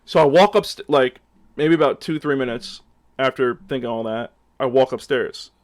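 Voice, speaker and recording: A young adult man telling a story in casual vlog style, his voice sitting at an ordinary middle pitch. He rambles, loading his sentences with fillers, and animatedly acts out what he said back then. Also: moderate pace. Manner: rambling, heavy use of fillers; animated, acts out his own past lines. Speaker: storyteller vlogger.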